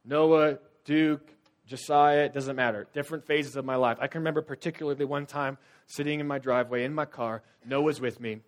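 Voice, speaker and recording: A young man delivering a sermon with a voice of ordinary, mid-range pitch for a man. He preaches like he is telling stories to friends, casual and loose. His delivery swings from loud, urgent bursts down to hushed, low confiding. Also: fairly even intonation, fairly quick. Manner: conversational storytelling with casual fillers.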